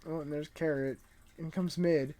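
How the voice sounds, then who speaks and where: A man's voice: a little high, steady tone, moderate pace, mellow. A man reviewing a comic chapter in casual, rambling commentary, laid-back and profane, sounding tired late at night.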